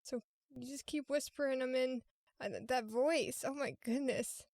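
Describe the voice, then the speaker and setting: High-voiced playful woman co-host. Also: normal speed, darkish tone, dry recording, clean studio sound. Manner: playful, giggly. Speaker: podcast co-host. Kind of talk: casual podcast chat.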